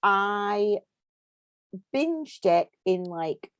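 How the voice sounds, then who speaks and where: A woman's voice: medium pitch, big pitch swings, drawn-out words, no echo, highs cut off. Laid-back Scottish woman, amused. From Scotland. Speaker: podcast co-host. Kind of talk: casual chat.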